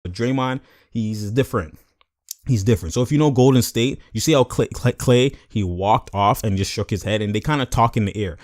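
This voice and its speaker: Breaking down a basketball clip in casual video commentary, a young man uses slang and acts out the players' words with animation. His voice is on the low side and darkish, he speaks briskly, and the studio recording is clean with no room sound.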